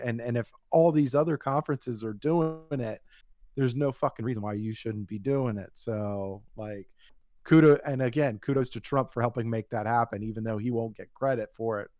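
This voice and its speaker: A man's voice: mid-range voice, normal speed, darkish tone, no echo, studio quality. A man co-hosting a casual talk show, speaking bluntly with profanity and jokes. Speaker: podcast co-host. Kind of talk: casual chat.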